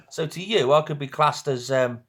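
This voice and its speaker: Fairly high and fairly bright, slightly rough, and measured in pace, this young man's voice carries a northwest English accent from St Helens. On his casual live stream he chats, teases, and laughs often with those watching.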